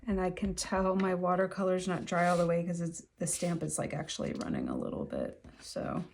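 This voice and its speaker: A woman's voice: on the low side, expressive, fairly quick. A woman artist talking casually to herself as she paints and stamps at her table. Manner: musing aloud to herself while she works. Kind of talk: casual commentary while painting. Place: home art table. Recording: clear clicking noise behind.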